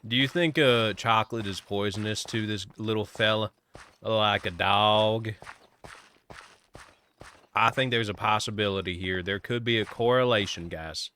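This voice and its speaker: A man's voice: on the low side, fairly even intonation, unhurried, pushed and bright, slight background noise. A man streaming a game, chatting casually and joking with viewers as he rambles.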